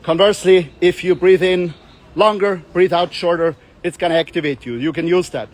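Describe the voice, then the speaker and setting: A young man with a high-pitched voice talks casually as a self-development coach. He rambles and jokes, and slips into acted-out voices for the people he describes. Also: steady tone, normal speed. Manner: joking, rambling, acts out quoted voices. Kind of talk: casual monologue with playful voice demonstrations.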